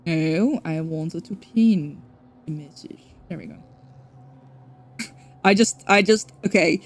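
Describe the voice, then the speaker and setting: A woman's voice: lowish voice, slow pace. A young woman streaming a game, chatting casually and rambling, correcting herself and swearing now and then. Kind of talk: casual livestream chat.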